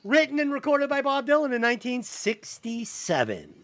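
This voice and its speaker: Male host, high and very lively voice, swears freely, dry close recording. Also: moderate pace, no echo. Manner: animated, profane, quizzing the others. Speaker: podcast host. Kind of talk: casual chat.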